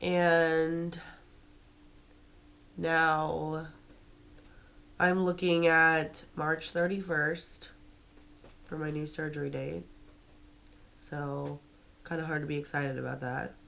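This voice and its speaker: A woman's voice: deep voice, little pitch movement, takes it slowly, gravelly, long pauses, fairly bright tone, a little hiss or hum. Upset young woman venting. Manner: upset, venting, with many fillers and restarts. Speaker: vlogger. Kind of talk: casual storytelling to camera.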